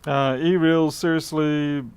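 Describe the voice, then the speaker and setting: A man's voice: on the high side, level tone, slow pace, smooth, dry recording. A man chatting casually and dryly while working, answering viewers' questions. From Australia. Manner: chatty, dry humour, answers chat questions. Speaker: repair streamer. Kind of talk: casual live-stream chat while working.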